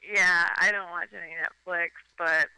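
A woman's voice: lowish voice, fairly even intonation, a little slow, pushed and bright, a little hiss or hum. A woman calling in to a radio show, talking in a rambling, casual way with lots of "like" and acted-out voices. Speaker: phone-in guest. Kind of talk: casual chat. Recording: tinny phone line.

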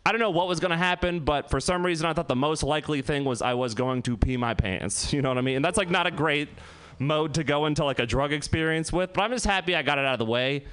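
Young man, stand-up comedian, loose profane delivery, laughs a lot, smooth, slightly high. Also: fast, fairly bright tone. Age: 20s.

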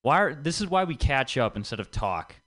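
A man's voice: medium pitch, sing-song, a little fast, fairly bright tone. A young man doing an open-mic stand-up set in a small room, rambling and self-deprecating, full of fillers and "dude". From Indian heritage, grew up abroad. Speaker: stand-up comedian. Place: small comedy room, live.

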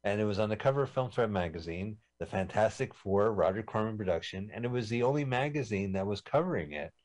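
Lowish-voiced podcast guy, chatty, reminiscing about old movies. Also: animated, fast talker, a little mellow. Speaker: podcast co-host. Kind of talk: casual movie-watching commentary.

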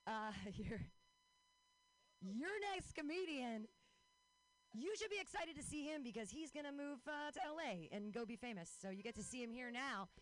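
A woman with a somewhat high voice hosts a stand-up comedy show. She is playful and loose and keeps the crowd clapping. She speaks into a handheld stage mic at an outdoor show. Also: animated, normal speed, low-quality recording. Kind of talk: stand-up hosting.

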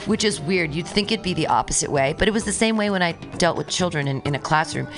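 A woman's voice: on the low side, expressive, fast talker, music in the background. A young woman co-hosting a radio show, telling stories in blunt, profane casual chat. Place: radio studio.

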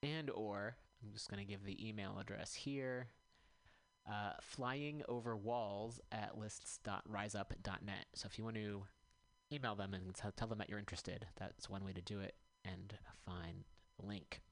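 A man hosting a community radio show, reading out upcoming events in a casual way and pausing to check details. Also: fairly low pitch, steady tone, no echo, poor audio. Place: radio studio.

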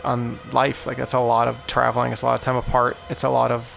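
30s guy, gravelly voice, jokey, throws in wisecracks, faint music under it. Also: medium pitch, monotone, quick pace, a bit bright, poor audio. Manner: joking, chimes in with wisecracks. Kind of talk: casual chat.

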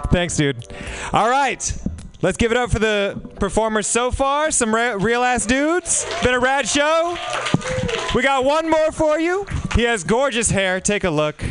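A man hosting a comedy show, introducing acts in a laid-back way. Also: very high-pitched. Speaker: show host. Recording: music clearly behind.

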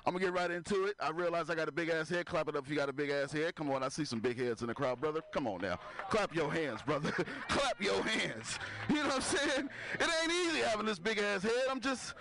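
A man's voice: a little high, expressive, fast, few pauses, a bit bright. A man doing a stand-up comedy set, working the crowd loosely and laughing at his own jokes.

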